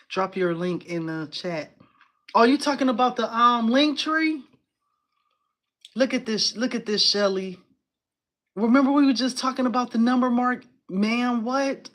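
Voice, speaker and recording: A woman with a highish voice hosts a casual crafting live stream from home. Excitable and chatty, she uses informal phrasing, says "y'all" a lot, and reads out and answers viewers' comments.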